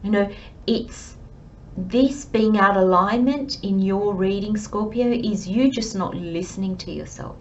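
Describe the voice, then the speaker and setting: A woman's voice: mid-range voice, measured pace, muffled recording, a little hiss or hum. A woman giving a channelled tarot reading, talking earnestly and emphatically straight to the listener. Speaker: tarot reader.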